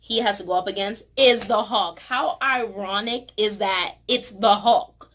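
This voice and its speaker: A woman talking casually and excitedly in a vlog review, filling her talk with "you know" and "like". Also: medium pitch, unhurried. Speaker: movie reviewer.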